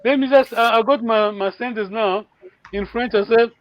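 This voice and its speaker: High-voiced man teaching a language lesson. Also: normal speed, no room sound, muffled recording. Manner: encouraging, repeats words for learners, hesitant fillers. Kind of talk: live online language lesson.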